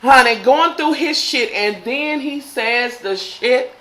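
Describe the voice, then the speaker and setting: A woman casually recapping a TV episode, swearing freely and shouting in disbelief. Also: high voice, slow, very noisy. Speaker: TV episode reviewer.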